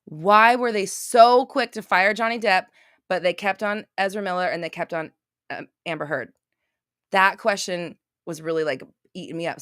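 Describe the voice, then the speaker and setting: A young adult woman with a low-sitting, fairly bright voice hosts a casual live-stream chat, recorded at studio quality with no echo. A podcast host, she rants bluntly and swears freely.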